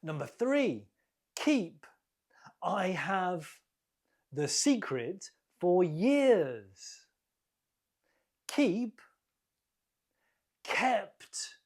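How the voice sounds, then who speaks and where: A British woman hosting an English quiz, slowly and deliberately repeating each word for learners. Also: lowish voice, big pitch swings, darkish tone. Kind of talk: slow, clear quiz teaching.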